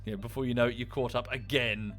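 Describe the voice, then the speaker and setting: A man's voice: mid-range voice, steady tone, fast talker, a bit bright, soft background music. A man with a British accent chatting casually on a livestream while playing a game, rambling with enthusiasm and swearing freely. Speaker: streamer.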